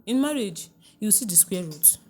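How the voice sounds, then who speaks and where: Nigerian woman coaching with lively warmth. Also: mid-range voice, normal speed, slightly rough. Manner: lively, laughs often, keeps checking the listener understands. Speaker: relationship coach, guest. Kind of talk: podcast interview.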